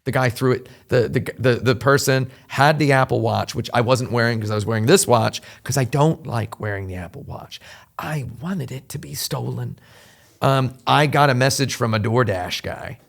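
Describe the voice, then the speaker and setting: A man's voice: medium pitch, normal speed, creaky, hardly any pauses. A man hosting a show, telling a long anecdote in a casual, rambling way with frequent restarts. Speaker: host. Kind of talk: casual storytelling chat.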